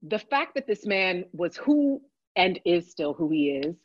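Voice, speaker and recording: A woman telling a lively story in casual chat, swearing freely and adding chatty asides. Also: lowish voice, a little slow, slightly rough, dry recording, highs cut off. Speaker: podcast guest, works on a TV set.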